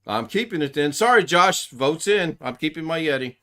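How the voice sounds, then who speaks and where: A man's voice: a little high, expressive, moderate pace, sharp tone. A man hosting a casual livestream chat, folksy and joking, using homey phrases. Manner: folksy, joking, says "doggone". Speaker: livestream host. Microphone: desk USB microphone.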